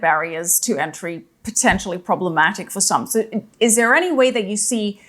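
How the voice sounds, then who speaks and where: A woman's voice: medium pitch, fairly bright tone. A woman news anchor interviewing a guest, poised, with scripted explanations for viewers.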